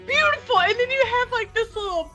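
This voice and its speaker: A woman co-hosting a live stream, bantering in an excitable, giggly way. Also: very high-pitched, brisk, music in the background. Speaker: co-host. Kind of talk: casual chat.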